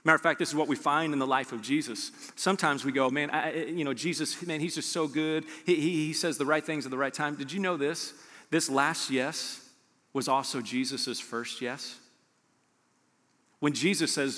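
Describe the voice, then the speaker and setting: A man preaching a sermon, talking in a lively, impassioned way that swings from quiet stretches to louder ones. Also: on the high side, normal speed. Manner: impassioned, builds from hushed to loud. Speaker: pastor. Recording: long hall reverb with soft music behind.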